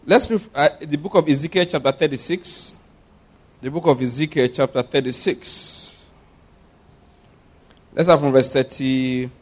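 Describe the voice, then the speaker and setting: A man's voice: medium pitch, unhurried, long pauses. A male pastor preaching a sermon, repeating his points and asking the congregation to respond.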